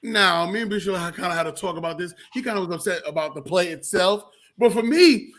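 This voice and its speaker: Host type: high, quick man, animated and exasperated, bright edge. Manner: animated, exasperated, laughs often. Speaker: podcast host. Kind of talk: casual sports talk.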